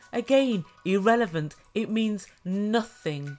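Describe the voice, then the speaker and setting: Woman reviewer, slightly high voice, dry sarcastic comedy recap, faint music behind. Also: lively intonation, moderate pace, hardly any pauses. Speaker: show reviewer.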